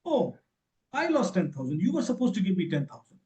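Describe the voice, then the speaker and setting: A man's voice: high-pitched, wildly swooping pitch, brisk, darkish tone, distant mic, voice pushed up. A man with an Indian English accent voicing an upset young woman who lost money, complaining in a raised, indignant voice in an echoey hall.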